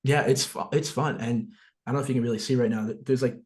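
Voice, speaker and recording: A man's voice: medium pitch, steady tone, fast. A young man in his twenties with a New Jersey accent, chatting casually as a podcast guest over a video call, full of fillers and restarts. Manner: rambling, filler-heavy, frequent swearing.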